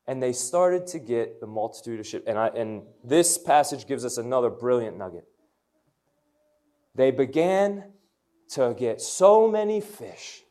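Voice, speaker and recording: A young man preaching a lively sermon to young people, telling stories and calling on the crowd to answer. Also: medium pitch. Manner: energetic, storytelling, call-and-response. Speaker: youth pastor.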